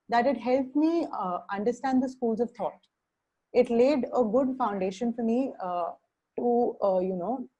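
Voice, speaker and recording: Young Indian woman, mellow tone, halting webinar speaker on a call. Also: medium pitch, lo-fi sound. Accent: Indian English. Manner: halting, many fillers and restarts. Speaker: webinar speaker, criminal justice social worker. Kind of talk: webinar talk.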